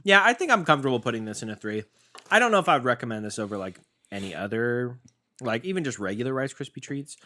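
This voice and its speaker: A young man chats through a snack tasting with a bright, lively voice. He is playful and jokey, cuts in often and riffs into silly asides. His pitch swings freely as he talks. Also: quick pace. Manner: playful, jokey, interrupts, slips into silly bits. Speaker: podcast co-host. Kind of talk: casual chat, food tasting review.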